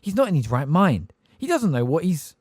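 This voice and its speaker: A man voicing an earnest teenage girl who speaks tentatively and softly. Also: fairly high pitch, sing-song, moderate pace, breathy edge, no echo, clean studio sound, voice pushed up. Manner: tentative, soft.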